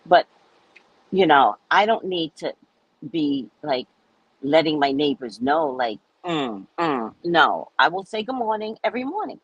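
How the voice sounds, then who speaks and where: A woman host telling her viewers a story in a casual, animated way, cursing freely and acting out what people said. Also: sits low, measured pace, husky, dry recording, dull audio. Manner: animated, profane, acts out quoted people. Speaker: psychic reader and host.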